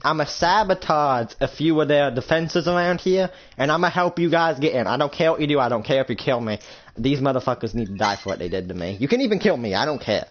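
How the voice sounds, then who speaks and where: A man's voice: fairly high pitch, animated, fast. Man voicing a vengeful, foul-mouthed male informant in a lo-fi recording. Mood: bitter. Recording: dull lo-fi recording.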